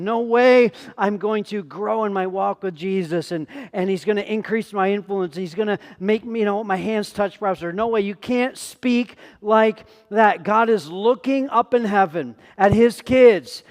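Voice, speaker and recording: A man pastor giving an emphatic sermon, repeating phrases and firing rhetorical questions at the congregation. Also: high voice. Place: church sanctuary. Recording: long hall reverb.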